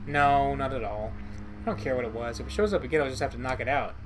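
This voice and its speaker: A man's voice: medium pitch, fast, noisy background, natural voice. A man voicing a smug, blunt young male detective in a game, with a dry and dismissive delivery.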